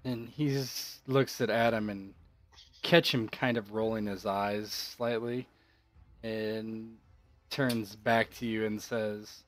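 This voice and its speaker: A man narrates a tabletop game as game master at an unhurried pace. His voice sits a little low, with faint music in the background. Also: fairly even intonation, no room sound.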